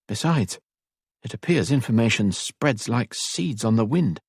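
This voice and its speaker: A man's voice: medium pitch, expressive, measured pace, slightly rough, no echo, studio quality. A man voicing a young English noblewoman, earnest and careful, with firm, polite and proper speech.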